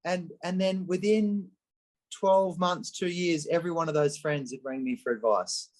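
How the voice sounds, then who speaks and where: A man, a guest in an interview, telling candid personal stories in an animated way and acting out the voices of the people he quotes. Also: a little high, moderate pace, low-quality recording. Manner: animated, acts out quoted voices, frequent restarts. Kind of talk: candid conversational storytelling.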